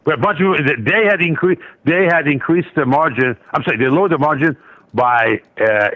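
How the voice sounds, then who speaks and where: A man guest on a market radio show, telling a trading story in a rambling way, with many restarts and asides. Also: a little high. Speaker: guest market analyst and trader. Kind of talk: casual radio interview storytelling. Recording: dull lo-fi line.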